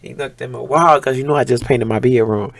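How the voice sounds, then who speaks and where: A woman in her fifties chats to her viewers in a gravelly, husky voice. She tells her stories with lively, animated flair and drops casual swear words. The sound is close and dry. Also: extremely low pitch, fairly quick, dry recording. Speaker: vlogger. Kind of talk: casual life update to viewers.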